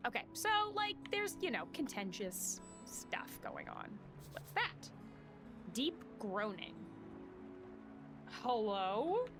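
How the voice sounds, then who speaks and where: A woman's voice: on the high side, sing-song, takes it slowly, pauses often, music in the background. A woman streaming a game live, chatting casually and reading game text aloud, swearing and joking about herself. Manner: chatty, self-mocking, swearing.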